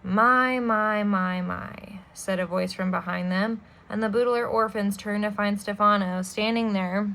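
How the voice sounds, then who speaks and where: A woman reading a children's novel aloud as a storyteller, steady and expressive, with small asides to the listener. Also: medium pitch, normal speed, hardly any pauses, rough recording.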